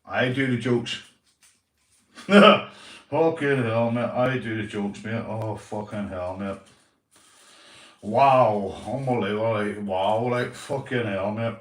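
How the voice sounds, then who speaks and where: Unhurried and fairly low-pitched, this livestream host from Northern Ireland keeps things loose and chatty, calling viewers by name and cursing nonstop. The mic picks him up from a distance, a bit away from him, in a spacious room full of echo.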